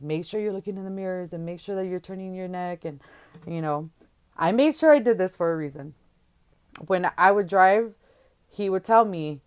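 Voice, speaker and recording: A woman telling her own past in candid, halting testimony with many fillers and restarts, her voice rising and growing louder when she quotes others. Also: deep voice, smooth. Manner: voice climbs and gets louder when quoting others.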